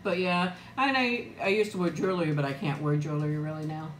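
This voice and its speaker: A middle-aged woman with a deep, steady voice chats casually on a live eating stream from a room at home, greeting viewers by name and laughing often. She talks a little fast into a new external mic held close. The room is echoey, with slight background noise.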